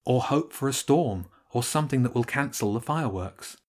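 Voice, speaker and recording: A man voicing a stern, straight-faced female cat in a storybook reading, measured and severe. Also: medium pitch, expressive, lightly acted.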